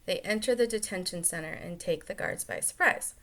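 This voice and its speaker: A woman reading a children's storybook aloud as a storytelling aunt, lively, stopping for chatty asides and quick self-corrections. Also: lowish voice. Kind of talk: reading a picture book aloud.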